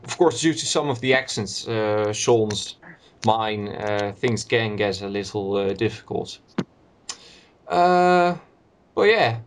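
A man's voice: lowish voice, lively intonation, slow, slight background noise. Hesitant man moderating a podcast call. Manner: hesitant, many fillers and restarts. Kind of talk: casual group call chat.

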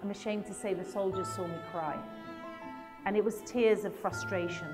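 A woman's voice: medium pitch, fairly even intonation, moderate pace, big-room sound, over music. A woman giving a lecture and telling a personal story with vivid, emotional delivery and acted-out quotes. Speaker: public speaker.

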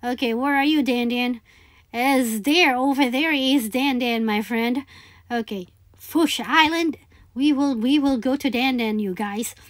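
A woman giving excited gameplay commentary, chanting repeated commands and calling game characters buddy. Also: high-pitched, unhurried, no echo, studio quality. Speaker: gaming channel host.

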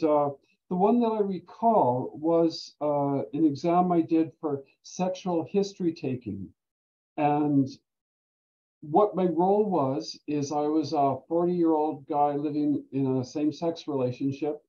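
An older man telling stories in casual talk as a guest speaker, animated and quick to laugh. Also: fairly high pitch. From Canada. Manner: animated storyteller who laughs often. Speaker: guest speaker, volunteer standardized patient. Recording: dull lo-fi recording.

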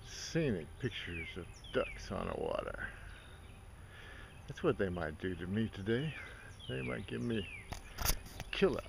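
A man's voice: medium pitch, vocal fry, slight background noise. A man filming outdoors by a pond, chatting and coaxing ducks in a playful, teasing way. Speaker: vlogger. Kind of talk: casual talk to animals while filming.

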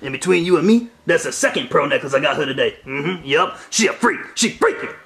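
A man's voice: a little high, lively intonation, a little fast, vocal fry, fairly bright tone. A man voicing a doting, crude old grandfather in a comedy puppet skit, with a folksy drawl.

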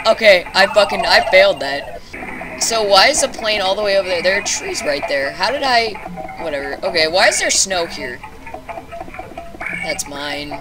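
A woman's voice: fairly low pitch, animated, moderate pace, noisy background. Young woman gamer, shrieking, swearing. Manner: profane, shrieking in panic at enemies. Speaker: let's play gamer. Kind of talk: casual gameplay commentary.

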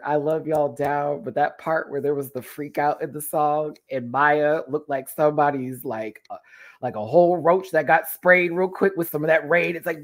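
Low-voiced woman, rowdy storytelling host. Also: normal speed. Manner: animated, profane storytelling with frequent laughter. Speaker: show host reviewing a TV competition. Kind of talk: casual live stream chat.

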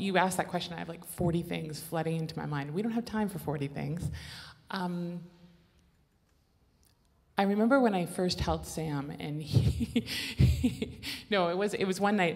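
A woman's voice: lowish voice, big-room sound. A woman giving a candid, rambling personal testimony on a church panel, often restarting her sentences. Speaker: panelist mother.

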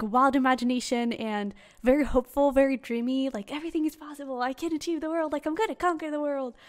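A young woman giving a casual, rambling tarot reading to camera, bubbly and quick to laugh. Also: a little high. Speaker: tarot reader.

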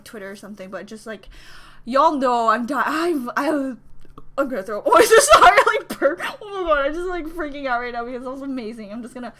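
A woman hosting a reaction vlog, talking casually and gushing with excitement, full of exclamations. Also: a little high. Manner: gushing, exclamatory, squealing with delight. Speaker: reaction video host.

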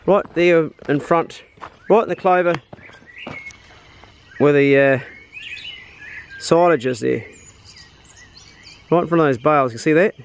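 A man's voice: a little high, measured pace, vocal fry, long pauses, a little hiss or hum. A man filming himself on a farm, giving casual hunting commentary, swearing freely and talking to his dog. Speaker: hunting vlogger. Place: outdoors on a farm.

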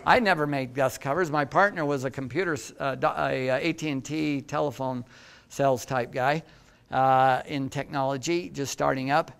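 A man in his sixties, an entrepreneur lecturing students with lively, self-deprecating stories and asides to the audience. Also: medium pitch, moderate pace, creaky, clean tone.

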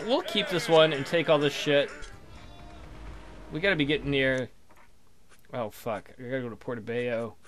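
A young man casually commentating as he plays a game, crude and joking, trash-talking the enemy ships. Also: on the high side. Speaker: let's play commentator.

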